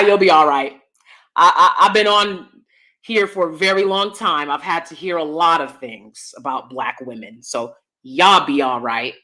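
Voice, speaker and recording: Woman, American, livestream host, animated, blunt, brassy tone, high-low register swings. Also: unhurried. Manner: blunt, laughing asides. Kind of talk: casual livestream commentary, reading chat.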